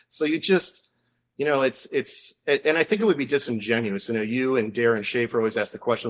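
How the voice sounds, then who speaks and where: Appearing as an author guest in a casual chat, a mid-pitched man tells a story with real enthusiasm. He relaxes into a chatty flow, packing facts together in quick succession.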